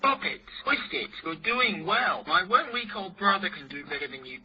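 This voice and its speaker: A man's voice: high-pitched, big pitch swings, moderate pace, highs cut off, over a noisy crowd. A man voicing a cheeky, taunting game announcer for a toy, played back through a small speaker.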